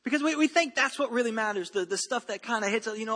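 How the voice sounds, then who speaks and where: A man preaches to his congregation in an easygoing, talky way, circling back and repeating himself. His voice sits very high and sounds bright. The sermon rings out with a long church-hall reverb. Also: quick pace. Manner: conversational preaching with frequent asides and repeated phrases. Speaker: pastor.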